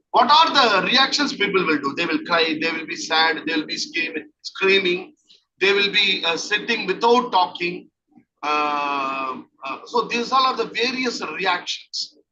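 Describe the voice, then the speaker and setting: A man's voice: high-pitched, sharp tone. A man, giving a training lecture as a counselling trainer and repeating his key points as he explains. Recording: distant dull lo-fi mic with faint noise.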